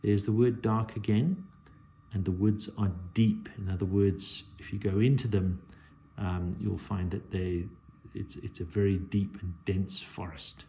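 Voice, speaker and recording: A man teaching a poetry lesson, measured and thinking aloud as he works through a poem. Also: lowish voice, flat delivery, warm tone, a little hiss or hum.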